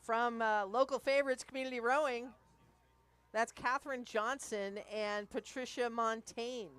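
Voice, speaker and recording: A woman commentating a rowing race live, briskly reading out the crews, their clubs and backgrounds. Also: on the high side, steady tone, fairly bright tone, clean tone.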